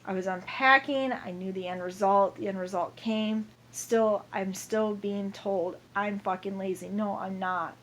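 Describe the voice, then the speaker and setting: A woman's voice: medium pitch, steady tone, measured pace, few pauses, slight background noise. A woman ranting to camera in a heated, profane monologue, repeating herself over and over.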